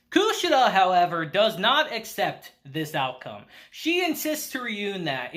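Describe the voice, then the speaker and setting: A man's voice: high voice, big pitch swings, a little slow, few pauses, bright, forceful tone. A man recapping an anime episode in a laid-back style, cursing and chuckling as he goes. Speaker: anime reviewer.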